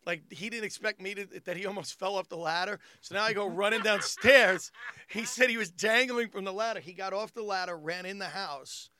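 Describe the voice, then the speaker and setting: A man telling wild family stories on a casual podcast, acting out relatives with sudden loud bursts. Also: brisk, smooth, dry recording. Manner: animated storyteller who acts out family members with big jumps in pitch and loudness. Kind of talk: casual comedic storytelling.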